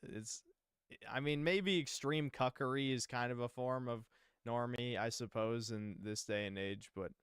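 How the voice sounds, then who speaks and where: A man reacts live on stream, heckling a video with blunt scorn. His voice is smooth and resonant, sitting at an ordinary pitch. The mic is close and dry, with no room in it. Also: a little slow, fairly bright tone, no room sound. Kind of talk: mocking live reaction commentary.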